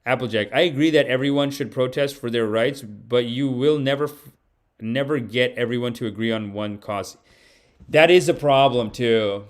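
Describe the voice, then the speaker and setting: A man's voice: medium pitch, normal speed. A comedian streaming live, a man chatting loosely with his audience and reading donations, with many "like"s. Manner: rambling, many "like"s.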